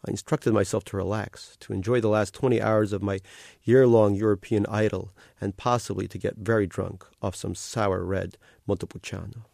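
Author reading his fiction: wry, deadpan male narrator, very dry close sound. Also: lowish voice, moderate pace, vocal fry, no echo. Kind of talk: literary reading.

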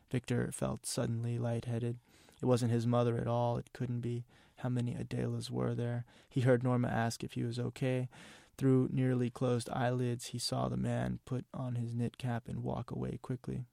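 Gravelly man reading somberly. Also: mid-range voice, completely flat delivery, normal speed, hardly any pauses, mellow, no room sound, clean studio sound. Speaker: author reading his novel. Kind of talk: literary reading.

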